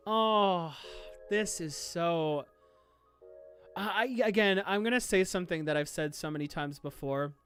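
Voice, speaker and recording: A streamer reacting live to a manga chapter, gushing, swearing and squealing with excitement. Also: medium pitch, slow pace, pauses often, faint music behind.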